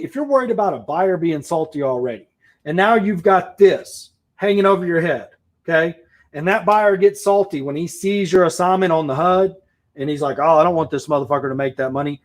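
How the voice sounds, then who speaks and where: A man's voice: sits high, animated, moderate pace. A man, a real estate investor, giving a blunt, profane opinion rant to camera with emphatic repetition.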